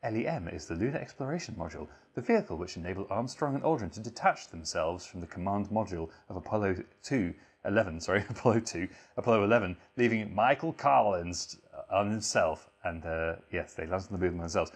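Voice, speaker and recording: A man hosting a mock reading and lecture, delivering it deadpan with sudden swearing asides. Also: low voice, a little fast, hardly any pauses, husky. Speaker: host reading aloud.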